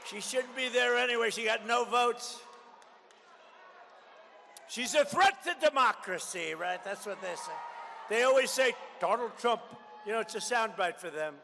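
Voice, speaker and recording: An older man gives a rally speech in a high, forceful voice that rings out with a long reverb across a big venue. He is combative and mocking and hammers the same phrases again and again, with faint noise underneath. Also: normal speed, gravelly, long pauses, some chatter behind. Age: 70s. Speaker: political candidate.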